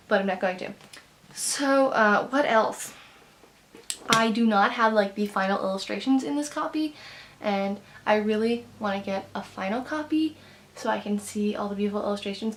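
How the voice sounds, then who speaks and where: A young woman talking casually to camera about a book she loved, gushing and excitable, with lots of fillers and quick runs of words. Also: mid-range voice. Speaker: book vlogger. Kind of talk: casual book review vlog.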